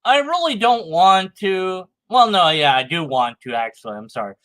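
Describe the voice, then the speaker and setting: A man's voice: high-pitched, expressive, normal speed, a bit bright. A man giving sarcastic, rambling commentary on a sermon clip, mocking the preacher's arguments. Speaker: video commentator.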